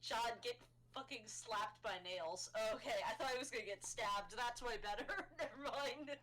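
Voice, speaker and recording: A woman's voice: a little high, pushed and bright. Joking, swearing woman co-host. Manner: joking, swearing, quick to laugh. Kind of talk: casual chat.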